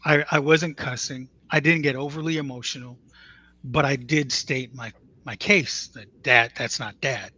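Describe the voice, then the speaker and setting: A man's voice: mid-range voice, steady tone, unhurried, pushed and bright, muffled recording. A man telling a family story in a conversational, matter-of-fact way, acting out what others said. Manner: earnest, matter-of-fact, quotes others as he tells it.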